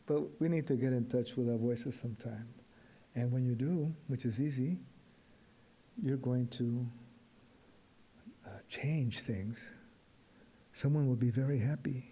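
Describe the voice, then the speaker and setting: Older man musing in a mellow voice. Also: medium pitch, slightly rough. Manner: halting, repetitive, musing. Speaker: poet giving a public talk. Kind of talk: reflective storytelling talk to an audience.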